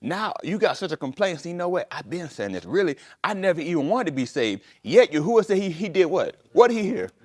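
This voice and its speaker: A man's voice: a little high, big pitch swings, quick pace, few pauses. A male minister preaching in a conversational call-and-response style, using slang and rhetorical questions.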